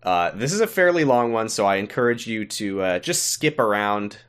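A man's voice: fairly low pitch, very animated, normal speed, fairly bright tone, smooth. A man co-hosting a casual podcast, reading out the support tiers with wry, offhand swearing. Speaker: podcast co-host. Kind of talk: casual podcast chat, reading sponsor thanks.

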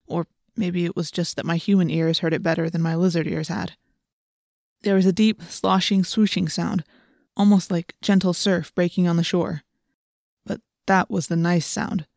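A woman narrating a first-person audiobook in a steady, plain storytelling voice. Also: on the low side, moderate pace, creaky, no room sound, studio quality.

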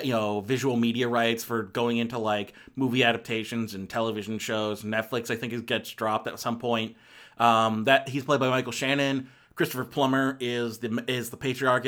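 A man talks casually through a movie review at an ordinary mid-range pitch. He rambles, restarts his sentences and fills the gaps with lots of ums and uhs. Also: a bit bright.

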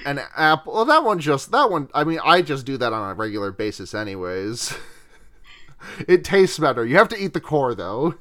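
A man's voice: mid-range voice, very animated, pushed and bright. A young man co-hosting a casual podcast, rambling and swearing as he recaps a movie and laughs often. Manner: rambling, profane, quick to laugh. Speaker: podcast co-host.

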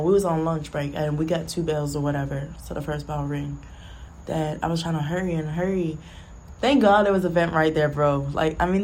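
A young woman, telling a story from her own life in a blunt, animated way and laughing as she goes. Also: fairly low pitch, slight background noise. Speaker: vlogger. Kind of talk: casual storytime monologue.

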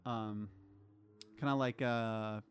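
A man's voice: lowish voice, steady tone, slow pace, smooth. Guy chatting casually, kinda thoughtful, says yeah a lot. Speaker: podcast co-host. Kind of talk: casual chat.

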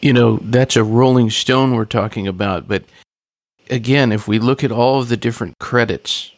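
A man's voice: mid-range voice, moderate pace, dry recording. A man hosting a podcast interview, asking the guest questions with enthusiasm. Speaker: podcast host.

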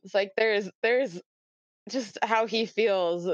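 A woman co-hosting a podcast in casual chat, quick and wry with trailing asides. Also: medium pitch, no room sound. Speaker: podcast co-host. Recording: dry muffled lo-fi mic.

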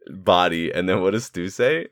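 Speaking at normal speed, a young man co-hosting a podcast discusses a film casually, cursing freely. The studio sound is clean with no echo, and he voices the characters' lines in a squeaky high register.

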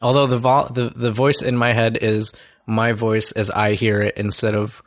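A man's voice: lowish voice, level tone, normal speed. A young man in his twenties, chatting casually as a co-host and laughing often. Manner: laughs often, tries out quoted voices. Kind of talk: casual chat.

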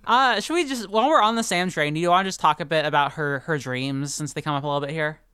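Lowish woman podcaster, smooth clear voice, dry sound, rambles and laughs a lot. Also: quick pace, fairly bright tone, no room sound. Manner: rambling, many fillers and restarts, laughing often. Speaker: podcast co-host. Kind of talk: casual book-discussion chat.

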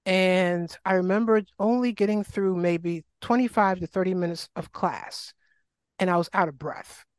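A middle-aged woman from New York speaks as an interview guest, recounting her life in an animated, conversational way. She slips into little voices for the people she quotes and leans on plenty of ums and likes. The sound is dry and close, with no room around it. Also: lowish voice, normal speed, no echo. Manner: animated, acts out quoted voices, frequent fillers. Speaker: guest, wellness coach. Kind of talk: casual interview storytelling.

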